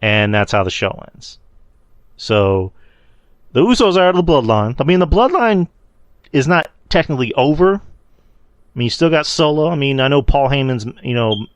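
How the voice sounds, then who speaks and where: A man's voice: medium pitch, expressive, normal speed, pauses often, dry recording, dull audio. A man hosting a podcast, casually recapping wrestling shows in a loose, rambling way, swearing and laughing at his own slips. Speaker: podcast host.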